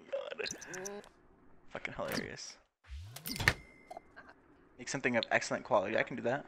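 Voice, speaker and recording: Lively, profane young man playing a game. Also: medium pitch, normal speed, creaky, noisy background. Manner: profane, laughing, teasing, mock voices. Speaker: gaming video creator. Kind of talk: casual gameplay commentary.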